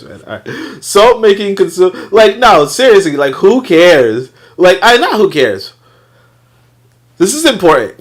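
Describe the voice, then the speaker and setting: A man's voice: fairly high pitch, fairly bright tone. Guy rambling thru a book reading, lots of likes and ums, kinda loose and blunt. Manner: rambling, loose, many fillers and restarts, swears. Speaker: host reading and commenting on a book. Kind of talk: casual livestream commentary.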